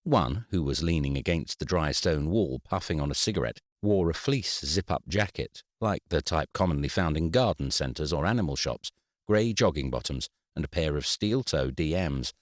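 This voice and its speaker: Man, audiobook narration, wry, expressive, animated, dry. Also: very deep voice, moderate pace, dry recording. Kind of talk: scripted narration.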